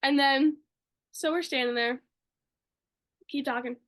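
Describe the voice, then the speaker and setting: A woman's voice: sits high, steady tone, measured pace, a bit bright. A young woman co-hosting a podcast, telling a story casually and gushing, with lots of fillers. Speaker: podcast co-host.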